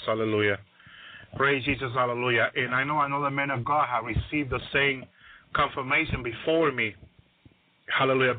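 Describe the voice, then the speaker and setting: A man preaching a testimony on a radio ministry program. He restarts his sentences often and says "hallelujah" after almost every phrase. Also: mid-range voice. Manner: repeats "hallelujah" constantly, stammering restarts; grows louder and more excited. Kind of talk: testimony sermon. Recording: dry, phone-like radio broadcast line.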